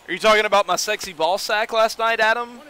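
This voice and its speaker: A young man casually commentating a baseball video game on a live stream, joking with his chat and getting excitable. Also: high voice, quick pace, smooth.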